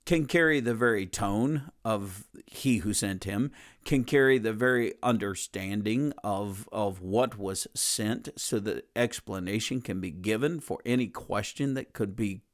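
A man's voice: on the low side, a little slow. A man preaching a conversational sermon in an earnest, plain-spoken way, often repeating and restarting his phrases.

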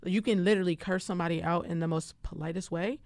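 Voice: mid-range voice, fairly even intonation, fast talker, a little mellow, dry recording, studio quality. A podcast co-host in casual chat who talks loosely and animatedly, using lots of slang and filler words.

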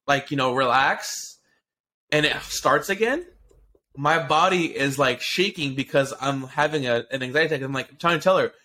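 A mid-range male voice at normal speed, with slight background noise behind it. On a casual podcast, this co-host excitedly tells a long, meandering story loaded with profanity, restarts and fillers.

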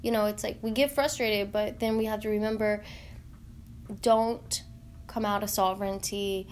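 A woman in an earnest, heartfelt spiritual monologue, halting and searching for words with many fillers. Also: mid-range voice, fairly even intonation, a little mellow, slight background noise.

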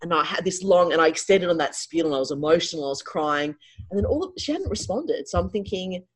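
Husky-voiced middle-aged woman telling a story. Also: on the low side, quick pace, poor audio. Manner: animated and expressive, with frequent restarts. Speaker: interview guest, parent. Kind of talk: casual personal storytelling.

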